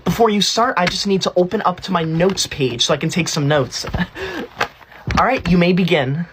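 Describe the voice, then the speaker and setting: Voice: mid-range voice, normal speed, background noise, close to an everyday voice. A performer playing a prissy, self-righteous schoolkid who is always telling on classmates. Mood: tattling. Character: smug tattletale know-it-all schoolkid, teacher's pet. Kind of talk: comedy skit acting.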